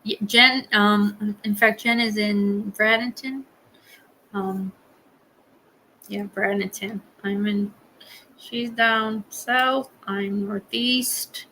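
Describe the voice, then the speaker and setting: A woman's voice: medium pitch, fairly even intonation, very slow, sharp tone, a little hiss or hum, rough recording. A woman hosting a live stream, chatting casually with viewers in a rambling way and laughing often. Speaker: livestream host.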